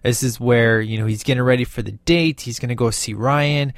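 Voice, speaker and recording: A man giving a casual, rambling movie review, excited and acting out bits of scenes in quick voices. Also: mid-range voice, no echo, studio quality.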